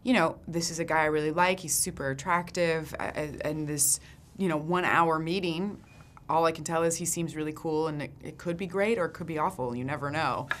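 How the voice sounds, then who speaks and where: Low-voiced woman, lively interview talk. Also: brisk, a little hiss or hum. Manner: animated, laughs easily, acts out quotes. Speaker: actress interviewed. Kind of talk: casual interview chat.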